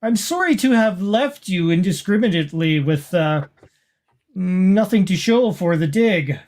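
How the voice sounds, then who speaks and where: A cagey male antiquities dealer with a faint German accent, speaking in a slow, measured way that stays polite while giving nothing away, as a game master puts him on. He talks like a tabletop-game villain bargaining from a position of power. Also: mid-range voice, animated, a little mellow, close to an everyday voice.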